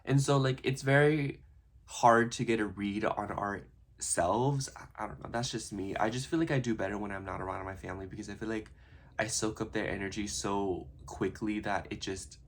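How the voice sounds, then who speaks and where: Young man, vlogger, somewhat low voice, rambling, reflective, casual monologue. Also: moderate pace. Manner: rambling and reflective, lots of "like" and restarts. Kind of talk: casual personal vlog monologue.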